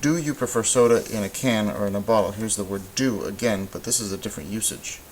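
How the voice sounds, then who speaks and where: A man teaching a recorded Spanish grammar lesson, explaining in a relaxed way with lots of ums and uhs. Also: on the low side, fast, poor audio. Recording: faint hiss.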